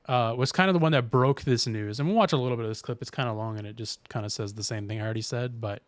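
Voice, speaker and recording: A man's voice: medium pitch, fast talker, no room sound. A man hosting a podcast in casual chat, rambling and reading news aloud with restarts. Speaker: podcast host.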